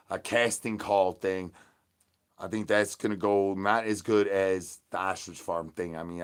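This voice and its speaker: Goofy rambling man with slangy banter. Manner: goofy, nonsensical, slangy, shifts between loud hype and low mumbling. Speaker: streamer in costume. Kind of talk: rambling improvised livestream banter.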